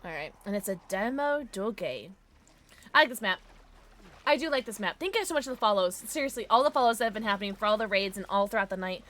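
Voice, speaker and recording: A woman livestreaming a game from home, chatting excitedly with her viewers and cooing at her pets. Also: fairly high pitch, racing. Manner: bubbly and excitable, greets chat; talks baby talk to her pets. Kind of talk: casual livestream chat while gaming.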